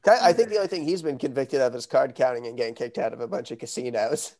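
A man's voice: mid-range voice, fast, a little mellow. A man joking his way through a casual film discussion with dry, wry asides.

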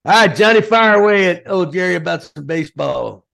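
Man, podcast host, gravelly, a bit high-pitched, animated, folksy, repeats himself. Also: brisk. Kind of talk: casual chat.

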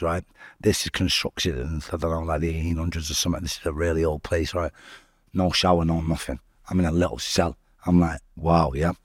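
A young man, a podcast guest telling his life story in an animated, swearing, storytelling way. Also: low-pitched, husky, no echo, studio quality. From Salford, England. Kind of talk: storytelling interview.

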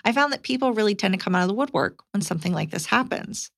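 A woman co-hosting a casual podcast, reading a listener letter aloud with lively emphasis. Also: medium pitch, fast, creaky, no echo, clean studio sound.

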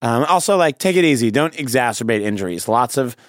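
A man's voice: medium pitch, animated, dry recording. Ranty male comedian with dry close sound. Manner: ranty, rambling, quick to put on silly voices. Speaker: comedian guest. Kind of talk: comedic podcast banter.

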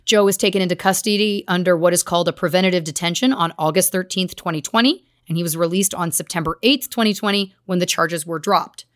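A woman's voice: fairly low pitch, quick pace, few pauses, a bit bright, dry recording, studio quality. A woman co-hosting a true crime podcast, reading case details with earnest, grave emphasis. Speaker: podcast co-host.

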